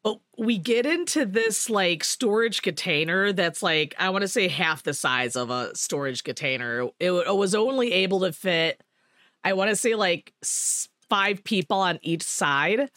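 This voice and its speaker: A woman hosting a podcast, telling a rambling, animated story in casual chat, with swearing and laughter. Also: on the low side, unhurried, no room sound, clean studio sound. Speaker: podcast host.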